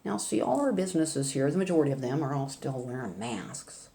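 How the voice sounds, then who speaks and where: Low, mellow older woman chatting. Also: very animated, fairly quick, creaky, a little hiss or hum. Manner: rambling, chatty, with laughs and asides. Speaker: vlogger. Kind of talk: casual storytelling chat.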